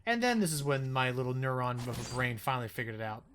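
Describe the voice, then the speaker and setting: A man casually commentating a video game with friends, rambling with quick asides. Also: mid-range voice, big pitch swings, background noise. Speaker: let's-play commentator.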